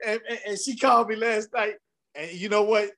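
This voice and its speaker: A man's voice: sits high, fairly even intonation, a little fast, sharp tone. A man in his fifties, co-hosting a podcast, telling a laughing story about his birthday party in casual slang. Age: 50s. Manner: laughing storyteller, Southern Black vernacular slang. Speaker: podcast co-host.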